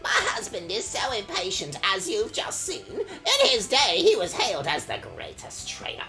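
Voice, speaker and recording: A man's voice: high-pitched, wildly swooping pitch, moderate pace, gravelly, bright, forceful tone, faint music behind, pitched above the performer's own voice, full character voice. A man voicing a genteel elderly woman, a trainer's chatty wife, with a sweet, mannered lilt and snippy asides. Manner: sweet, mannered old-lady reading with snippy ad-libs.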